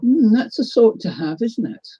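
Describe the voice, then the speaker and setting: A middle-aged woman with a New Zealand accent chats through a craft livestream, greeting viewers as she works. Her voice is warm and dark. The stream audio is dull and lo-fi. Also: fairly high pitch, big pitch swings, moderate pace, husky. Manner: chatty, greets viewers while working. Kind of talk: casual craft livestream chat.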